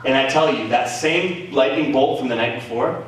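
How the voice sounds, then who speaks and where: A man with a Canadian accent preaching a sermon as pastor, telling stories in an animated way with laughter and exclamations. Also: medium pitch, moderate pace. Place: church meeting hall. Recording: echoey room from far off, faint noise.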